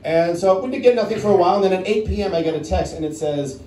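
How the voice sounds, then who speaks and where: A man's voice: high-pitched, rapid-fire, few pauses, dark tone, distant mic, a little hiss or hum. A male stand-up comedian from the Netherlands, telling a chatty story on stage and talking with the crowd. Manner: chatty, acts out voices, talks to the crowd. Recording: roomy club sound with crowd. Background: audience laughing.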